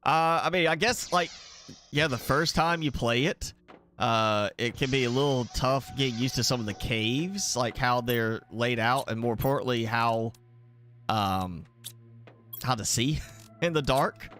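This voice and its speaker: A man's voice: medium pitch, unhurried, fairly bright tone, soft background music. Rambling mild Southern-accented man streaming. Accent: mild Southern American. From American South. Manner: rambling, thinks aloud with many fillers. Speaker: gaming streamer. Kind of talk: casual live gameplay commentary.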